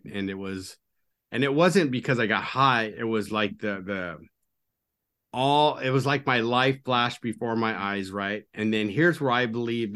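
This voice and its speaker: A middle-aged man, a podcast guest and recovery coach, telling his story in an earnest, confiding way that often sinks to a low murmur. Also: fairly bright tone. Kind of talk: candid storytelling interview.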